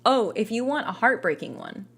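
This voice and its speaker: A woman's voice: fairly high pitch, lively intonation, moderate pace, a bit bright, husky. A woman gaming vlogger chatting casually and rambling, with lots of fillers and restarts. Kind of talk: casual chat while gaming.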